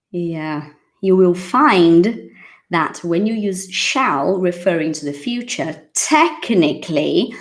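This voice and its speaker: A woman from Brazil with a Brazilian Portuguese accent, giving a casual, expressive English lesson with acted-out reactions. She sounds like she is in her thirties. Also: fairly low pitch. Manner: expressive, acts out surprised reactions. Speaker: English teacher.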